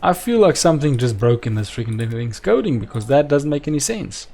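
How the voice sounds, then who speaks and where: A man's voice: medium pitch, very animated, fairly quick, vocal fry, warm tone. A man commenting on his own strategy game session as he plays, talking to himself and his viewers and repeatedly asking aloud why things aren't working. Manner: exasperated, keeps asking aloud why things don't work. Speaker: gameplay video host.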